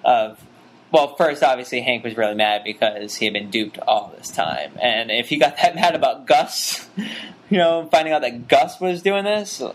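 A man chatting casually about a TV episode, rambling and animated with many restarts. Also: moderate pace. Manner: rambling, animated, frequent restarts and pitch jumps.

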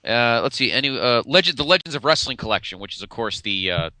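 Animated man chatting on a podcast. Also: mid-range voice, fast talker, no echo. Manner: animated, meandering, many fillers. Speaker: podcast co-host. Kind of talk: casual chat reviewing old wrestling shows.

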